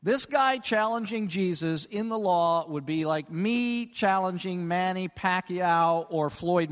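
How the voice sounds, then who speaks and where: A man's voice: sits high, fairly bright tone. A middle-aged man preaching a conversational sermon, often checking in with "okay?" and stretching key words for emphasis. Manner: conversational, peppered with 'okay?'. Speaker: pastor. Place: large church hall. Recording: long hall reverb.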